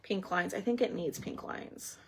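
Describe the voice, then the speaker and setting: A woman's voice: medium pitch, measured pace, creaky, noisy background. A woman hosting a casual crafting livestream, chatting and thinking aloud as she works. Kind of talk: casual live crafting chat.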